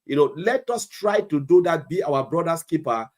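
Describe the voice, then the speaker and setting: An earnest man with a somewhat high voice co-hosts an online talk. He gives practical advice in a casual way and acts out short exchanges as he tells them. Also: expressive, moderate pace. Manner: earnest, storytelling with quoted exchanges. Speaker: co-host.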